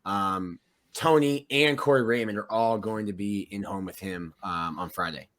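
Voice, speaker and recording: A man talks on a sports podcast as a reporter, with a bright, forceful voice. He lays out his thinking in a measured, analytical way. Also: lowish voice. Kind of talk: casual sports podcast chat.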